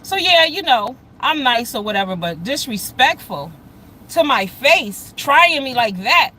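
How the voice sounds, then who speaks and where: Swearing freely and speaking bluntly, this middle-aged livestream host greets each viewer by name as they join and launches into heated stories. Her high, bright voice is very animated and forceful, yet unhurried. The rough recording has slight background noise.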